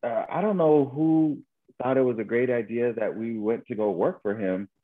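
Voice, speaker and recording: A man from El Paso, Texas, co-hosts a podcast, telling a story in casual chat with a mid-range voice at a moderate pace. He rambles, repeats words, and keeps ending lines with "right?" The audio is narrow and phone-like.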